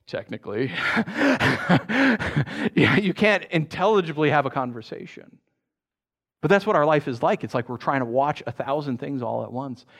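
A man's voice: mid-range voice, normal speed, pauses often. A man preaching a sermon as pastor, telling jokey stories and asking the congregation questions. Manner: animated, joking storyteller who asks the congregation questions. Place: church.

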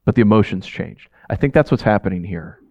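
A man in his thirties preaching a sermon to his congregation, talking in a relaxed, animated way with frequent "right?" asides. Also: fairly low pitch, fairly quick, no room sound, muffled recording. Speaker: pastor.

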